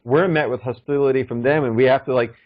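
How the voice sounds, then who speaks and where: A man's voice: mid-range voice, fairly even intonation, fast, no room sound. A man telling a long story in casual chat, rambling and swearing, full of fillers, as a podcast guest. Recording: dull lo-fi recording.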